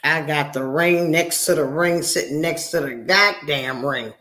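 A woman in her sixties chats live with her viewers, brash, profane and teasing as she scolds them. Her low voice is bright and forceful, her pace unhurried, and the recording has a roomy echo.

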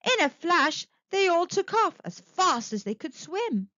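A woman reading a children's picture book aloud in a lively, sing-song storybook manner. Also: extremely high pitch, unhurried, dull audio, slight background noise. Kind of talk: children's read-aloud narration.

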